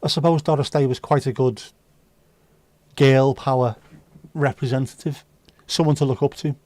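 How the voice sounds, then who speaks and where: A man's voice: mid-range voice, steady tone, normal speed, darkish tone, no room sound. A man hosting a livestream, reading viewer comments aloud with sweary, jokey banter. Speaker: livestream host. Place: indoors.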